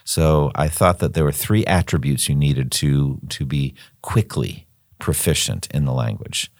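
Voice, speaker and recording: A man's voice: extremely low pitch, a little slow, vocal fry, darkish tone, dry recording, clean studio sound. An older man, a former missionary, talking through a Bible study in a thoughtful, rambling way, often repeating words as he thinks. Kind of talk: conversational Bible study discussion.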